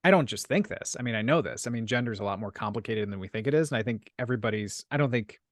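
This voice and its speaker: A man's voice: fairly low pitch, fast, no echo. Man, casual podcast chat, restarts often, laughs, dry studio sound. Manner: rambling, many restarts and laughs. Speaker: podcast co-host.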